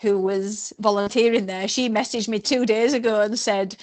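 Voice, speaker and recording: A middle-aged woman, talking freely as a guest. She rambles and pokes fun at herself, and her voice sits at an ordinary middle pitch. The sound is dry and close, with no room around it. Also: steady tone, moderate pace, no echo. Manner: chatty, rambling, self-deprecating. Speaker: guest, race participant. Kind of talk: casual interview chat.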